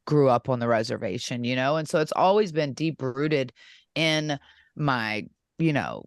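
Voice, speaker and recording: A woman's voice: very deep voice, no echo, studio quality. A middle-aged woman co-hosting a casual podcast chat, talking earnestly and rambling with many fillers. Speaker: co-host and wrestling champion.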